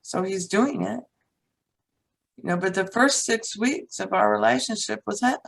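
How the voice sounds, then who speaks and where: A woman's voice: mid-range voice, normal speed, gravelly, rough recording. A woman guest, a teacher and author, telling a personal story in conversation in a blunt, frank way and swearing casually.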